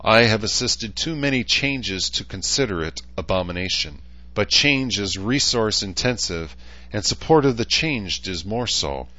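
A man voicing a councilwoman who speaks in a measured, ingratiating way. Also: lowish voice, lively intonation, pushed and bright, dull audio, voice pushed up.

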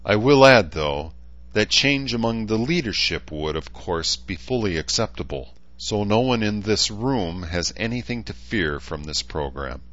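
A man voicing a councilwoman who speaks in a measured, ingratiating way. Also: fairly low pitch, animated, a bit bright, highs cut off, voice pushed up.

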